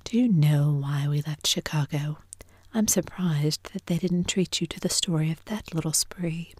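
A woman's voice: fairly low pitch, a little slow, darkish tone, breathy edge, no echo, clean studio sound. Woman whispering as a torn society wife, whispered role-play.

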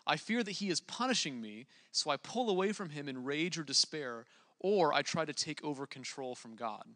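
A young man preaching a relaxed, conversational sermon, with plenty of fillers and restarts. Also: on the high side, normal speed, in a large hall.

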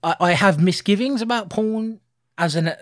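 A man in his thirties co-hosting a casual film review podcast, animated and laughing often. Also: sits high, normal speed. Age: 30s. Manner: animated, laughing, puts on voices for quotes. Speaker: podcast co-host.

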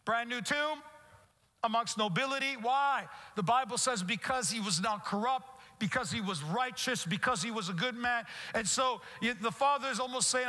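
A man's voice: very high voice, moderate pace, bright, forceful tone. A man pastor preaching a sermon earnestly, often repeating and restarting his phrases. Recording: echoey hall with long reverb.

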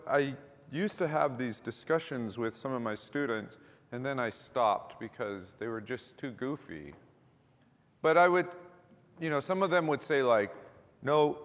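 A middle-aged pastor delivering a sermon in a conversational way, with restarts, asides and repeated words. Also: male voice, fairly high pitch. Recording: long reverb of a large hall.

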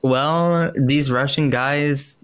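A man playing a fast-food worker who calmly recounts being kidnapped, in an in-character role-play interview. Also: medium pitch, smooth, no echo. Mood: matter-of-fact.

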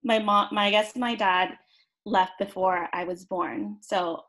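A woman's voice: mid-range voice, steady tone, measured pace. A woman speaks as a podcast guest in casual chat. Her voice sits mid-range, and she talks in a heartfelt, gushing way, leaning on fillers. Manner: warm, heartfelt, lots of "um" and "like". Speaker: podcast guest, event host.

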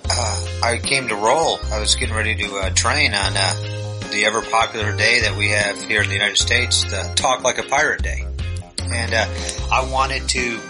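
Male co-host, lowish voice, deadpan humor, music playing clearly underneath. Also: normal speed, poor audio. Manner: deadpan joking storyteller. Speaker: podcast co-host. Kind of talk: casual podcast chat.

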